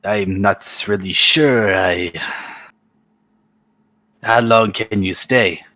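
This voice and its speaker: A man's voice: fairly low pitch, drawn-out words, pushed and bright, no echo. A man playing a tabletop game, answering hesitantly and easygoing. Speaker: player.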